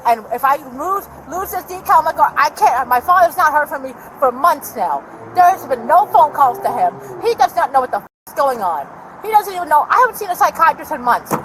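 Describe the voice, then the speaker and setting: A woman's voice: sits high, sing-song, a little fast, a crowd in the background. A woman in her car in a parking lot, arguing with a deputy in an agitated, rambling way, caught on the officer's body camera. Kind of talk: heated argument with a police officer. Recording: noisy outdoor bodycam audio.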